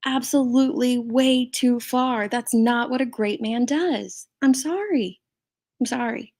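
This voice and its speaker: A woman's voice: fairly high pitch, measured pace, a little mellow. Indignant middle-aged woman livestreamer. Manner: indignant, reads out and thanks chat members. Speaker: commentary channel host. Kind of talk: livestream reaction commentary.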